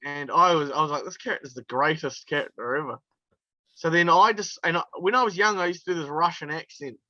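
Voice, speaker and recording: A man's voice: a little high, fairly quick, bright, forceful tone, highs cut off. A male wrestler from New telling stories in a casual interview, chatty and laughing through his anecdotes with plenty of fillers. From New Zealand.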